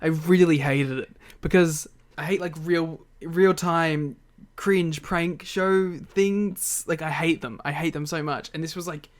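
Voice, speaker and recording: A man co-hosting a podcast in casual chat, reacting in an animated way with frequent laughter. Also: on the high side, a little slow. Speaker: podcast co-host.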